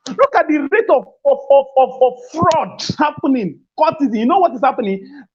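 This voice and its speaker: A woman's voice: high-pitched, lively intonation, normal speed, darkish tone. A woman gives an emphatic, preachy parenting talk, repeating her key phrases and laughing between points. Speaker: parenting speaker. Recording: dull lo-fi recording.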